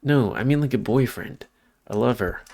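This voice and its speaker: A man's voice: mid-range voice, animated, normal speed, vocal fry, darkish tone. A man voicing a young male otter in a visual novel, intense and swearing when he gets upset. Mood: earnest. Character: young male otter, earnest then angry.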